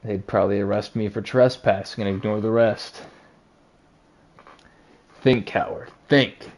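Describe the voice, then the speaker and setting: A man reading the part of a weary, self-doubting animal detective as a quiet, brooding inner monologue. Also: on the low side, little pitch movement, fairly quick. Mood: despairing. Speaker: game voice-over reader. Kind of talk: reading a story game aloud.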